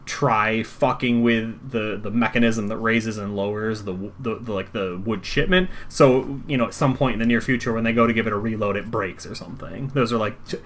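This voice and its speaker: A man's voice: on the low side, fairly quick, fairly bright tone. A man running a tabletop role-playing game as game master, talking casually with lots of fillers.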